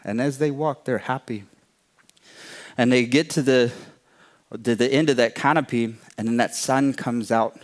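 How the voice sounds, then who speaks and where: A man telling a traditional folk tale aloud in an unhurried, dramatic way. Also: mid-range voice. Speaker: storyteller. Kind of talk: oral storytelling talk.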